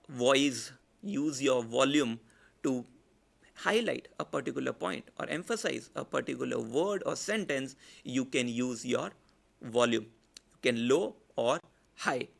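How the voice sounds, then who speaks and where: A man with an Indian English accent, a public speaking trainer giving a lecture and demonstrating shifts in volume, pitch and pace. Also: creaky. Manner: demonstrates loud, soft, fast and slow delivery. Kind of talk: online lecture.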